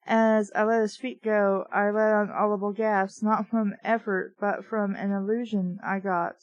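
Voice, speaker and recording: A woman's voice: medium pitch, little pitch movement, moderate pace, dull audio. A woman reading a novel aloud with dry, sarcastic asides. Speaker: book reviewer reading aloud.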